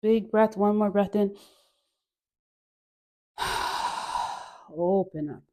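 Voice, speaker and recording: A woman leads a dance session in an unhurried, drawn-out way, her voice mellow and warm. She coaxes and teases playfully, laughing often and breathing out audible sighs between her cues. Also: medium pitch. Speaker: dance instructor. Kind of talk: guided dance class.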